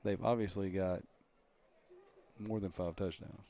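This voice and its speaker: A man's voice: sits low, fairly even intonation, measured pace, gravelly, dark tone. A man giving live football color commentary, teasing and bantering with his partner.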